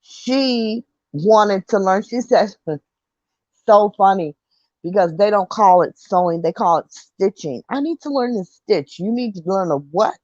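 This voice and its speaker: A woman's voice: medium pitch, measured pace, a little mellow, no room sound, lo-fi sound. An older woman hosting a casual online talk show, reading viewer comments and chatting with light laughter and mild swearing. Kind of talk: casual chat.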